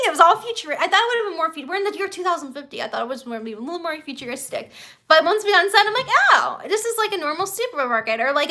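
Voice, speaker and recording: A young woman hosting a casual live stream from home, chatty and excitable, full of fillers and restarts. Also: high-pitched. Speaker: YouTube host of a live stream.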